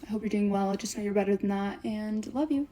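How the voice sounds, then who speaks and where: Against a noisy background, a young woman with a mid-range voice tells a vlog story about a breakup. She's profane and blunt, swearing all the time in rapid run-on sentences.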